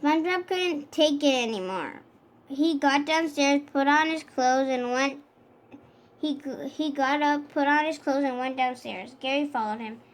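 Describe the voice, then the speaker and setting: High-voiced woman reading a children's book. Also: measured pace. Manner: steady reading with small slips and self-corrections. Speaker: storybook reader. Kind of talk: children's read-aloud.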